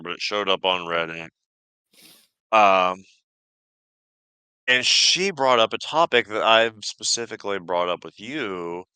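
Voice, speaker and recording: A man co-hosting a casual political podcast, talking in a profane, animated, riffing way. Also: on the low side, clean tone, dry recording. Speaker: podcast co-host.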